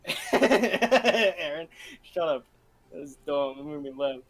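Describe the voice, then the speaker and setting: A man's voice: a little high, lively intonation, takes it slowly, a bit bright, poor audio. A man running a tabletop game as game master, laid-back, laughing often and swearing casually.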